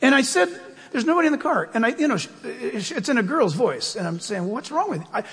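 Male pastor, preaching with a husky high voice, big lively swings, long reverb of a large hall. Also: fast. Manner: animated preaching, swinging between loud high outbursts and low quiet asides. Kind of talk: sermon.

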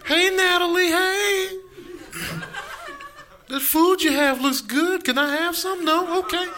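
A male comedian voicing a pitiful hungry dog begging at the table, high and whiny. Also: slow pace, pushed and bright, heavily acted. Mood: pleading. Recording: noisy live club recording.

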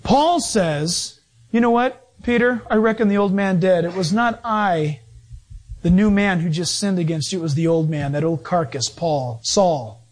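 A man preaching a sermon as pastor, emphatic and animated, with sudden shifts in pace. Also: sits high, a little slow.

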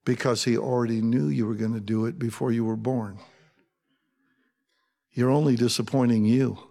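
A man preaching a sermon as pastor, talking in a conversational, animated way with asides to his congregation. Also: medium pitch, normal speed, gravelly, long reverb tail.

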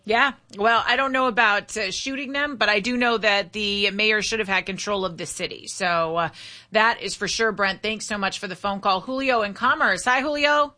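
A woman hosting a talk radio show, upbeat and brisk as she takes calls. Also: medium pitch, pushed and bright.

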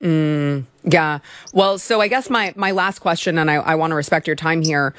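Low-voiced woman asking interview questions. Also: fairly bright tone, no echo, clean studio sound. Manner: curious, conversational, quick follow-ups.

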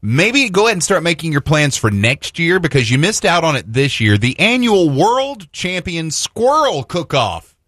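Male radio co-host, wry and folksy, lively pitch, dry studio mic. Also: moderate pace, no echo. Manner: folksy storyteller with a wry joking tone. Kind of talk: casual morning radio banter.

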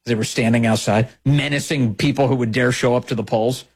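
A man's voice: steady tone, fairly quick, a little mellow, husky. A man hosting a political talk show, delivering opinionated commentary with sarcastic, mocking emphasis. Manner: sarcastic, mocking, swings pitch widely for emphasis.

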